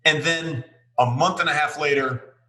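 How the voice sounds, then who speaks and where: Bright upbeat male podcast host. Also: a little high, fairly even intonation, moderate pace, poor audio. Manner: upbeat, scripted toasting intro. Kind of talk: interview hosting.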